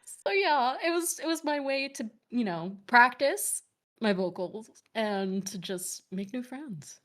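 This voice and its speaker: A woman's voice: fairly high pitch, animated, slow, fairly bright tone. A woman in her thirties, a guest streamer in casual chat, talking in a chatty way with many fillers and frequent laughs. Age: 30s.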